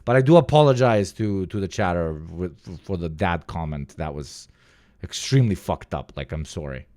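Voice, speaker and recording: A man streaming live, reacting to clips with profane, excitable chat that swings from mumbles to shouts. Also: low voice, moderate pace, no echo, clean studio sound. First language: Serbian.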